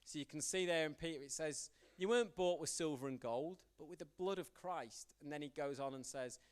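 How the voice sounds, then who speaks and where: A young youth pastor preaches a conversational sermon full of anecdotes, animatedly acting out quoted dialogue and poking fun at himself. His voice is on the high side, brisk, clear and resonant.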